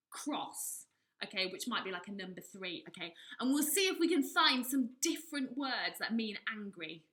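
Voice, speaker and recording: A woman leading a children's drama lesson from home, coaxing in a lively teacher's manner and breaking into loud acted outbursts. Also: fairly high pitch, rough recording.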